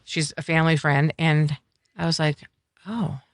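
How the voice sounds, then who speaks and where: A middle-aged woman talking earnestly as a podcast guest, telling a personal story in halting, reflective sentences. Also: deep voice, level tone, dry recording, clean studio sound. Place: coffeehouse.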